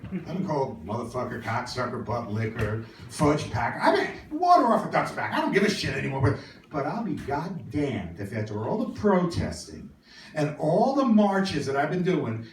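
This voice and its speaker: A man in his fifties telling a comic personal story on stage, theatrical and animated. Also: normal speed, reverberant, recorded from a distance. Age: 50s. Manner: animated, theatrical, swings into high wails. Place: small performance venue, indoors.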